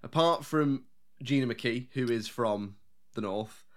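A man's voice: mid-range voice, takes it slowly. A man, a podcast co-host chatting casually about a film, laughing often and slipping into mocking impressions.

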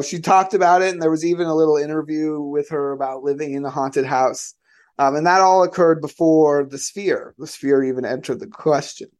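A man recounts an odd tale in a relaxed, rambling way. His voice sits a touch high, and he keeps dropping in "um" and "like" as he goes. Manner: chatty, many fillers and "like". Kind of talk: casual storytelling.

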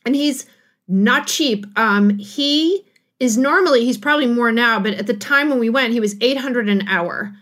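A middle-aged woman, a guest author on a podcast, telling a personal story in a casual, animated way and laughing often. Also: fairly high pitch, normal speed. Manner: animated, laughing, acts out quotes.

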